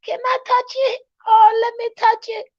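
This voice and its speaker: A man voicing a gushing woman who fusses over a child's hair, in a shrill pleading falsetto. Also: little pitch movement, normal speed, lo-fi sound.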